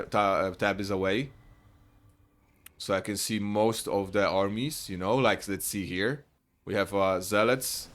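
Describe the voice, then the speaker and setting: A man casting a real-time strategy match live, chatty and quick to burst into excited shouts. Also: on the low side. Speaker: esports caster. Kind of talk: live play-by-play game commentary.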